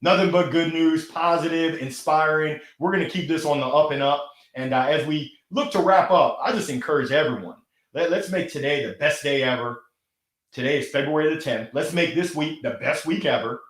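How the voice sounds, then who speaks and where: An energetic man hosts a live motivational stream and answers viewer comments. His voice sits on the higher side and he laughs often. The room around his microphone is echoey. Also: a little fast. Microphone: gold microphone.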